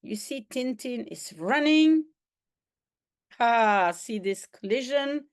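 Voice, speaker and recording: A woman whose first language is Dutch walks her students through a comic book in a fairly high voice. She reads slowly but with a lively, swooping melody, adding little sound effects along the way. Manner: slow, animated reading with sound effects and quoted voices. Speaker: language teacher. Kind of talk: reading a comic aloud and translating.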